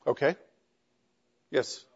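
A middle-aged man teaching a class, lecturing conversationally with wry jokes and questions to students. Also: drawn-out words. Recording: dull lo-fi classroom recording.

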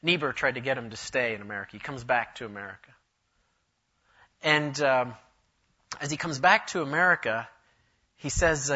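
A man's voice: mid-range voice, pushed and bright, dull audio. A man giving a church history lecture at a conference, enthusiastic and jokey, wandering off on asides. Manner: humorous, digressive, enthusiastic.

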